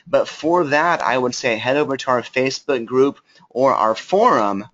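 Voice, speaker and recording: A chatty man runs a live webinar, greeting his audience warmly and talking loosely with plenty of uhs. His voice sits at an ordinary pitch. The audio is slightly dull and lo-fi, picked up by a computer mic. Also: expressive, normal speed. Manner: chatty, greets viewers, many fillers. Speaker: webinar host. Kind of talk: casual live webinar talk.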